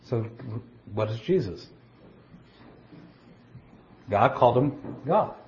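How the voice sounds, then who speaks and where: Man giving a slow Bible teaching. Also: medium pitch, expressive, a little mellow, slight background noise. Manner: explanatory, deliberate, with restarts and quotations. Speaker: preacher. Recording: dull lo-fi recording.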